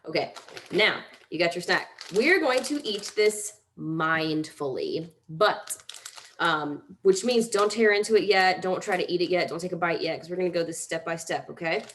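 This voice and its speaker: A woman's voice: fairly low pitch, normal speed, a little hiss or hum. A young woman teaching a casual mindfulness exercise, chatty and self-deprecating, giving step-by-step instructions and yawning now and then.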